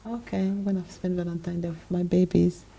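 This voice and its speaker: Low-voiced woman telling a personal story. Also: a little fast, gravelly, slight background noise. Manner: animated retelling, acting out past dialogue. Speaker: guest sharing her testimony.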